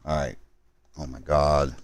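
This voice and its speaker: Very low-voiced man rushing through a stream setup. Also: flat delivery, dry recording. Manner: rushed, apologetic, talking to chat while multitasking. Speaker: gaming live streamer. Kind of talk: casual live stream chat.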